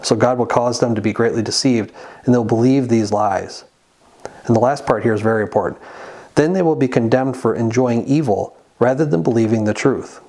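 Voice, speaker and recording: Guy doing an earnest casual sermon, reads bible verses out, mid-pitched voice. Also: a little mellow. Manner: earnest, conversational, reads scripture aloud. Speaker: Christian channel host. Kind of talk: sermon-style monologue.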